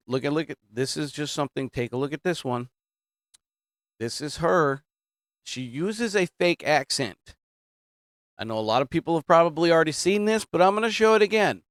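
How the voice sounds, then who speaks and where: A man gives casual political commentary in an emphatic way. He keeps circling back to the same points and wanders into asides. His voice sits at an ordinary pitch and sounds dry and close, with no room echo. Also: a bit bright. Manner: repetitive, emphatic, digressing.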